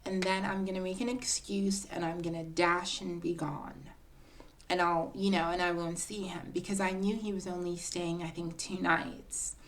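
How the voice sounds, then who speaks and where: A woman telling a personal story to her viewers in a casual, confiding storytime, often calling her listeners "girl" and building drama with pauses. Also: lowish voice, level tone. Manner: chatty, confiding, keeps addressing listeners as "girl".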